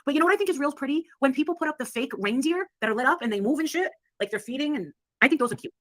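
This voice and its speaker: A woman's voice: sits high, lively intonation, racing, a bit bright, no echo. A woman hosting a casual livestream, telling stories with brash, profane humor and frequent laughter. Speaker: livestream host.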